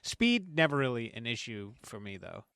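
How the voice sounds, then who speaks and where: A man's voice: mid-range voice, very animated, normal speed, gravelly, sharp tone, clean tone, no room sound, studio quality. A man co-hosting a podcast, chatting casually and thinking back on his own memories. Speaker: podcast co-host. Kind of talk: casual chat.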